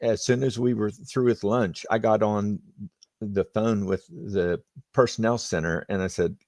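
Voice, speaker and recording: An older man, a retired flight surgeon, telling stories in an unhurried, plainspoken way as a podcast guest. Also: lowish voice, steady tone, a little mellow, no room sound. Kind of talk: conversational interview storytelling.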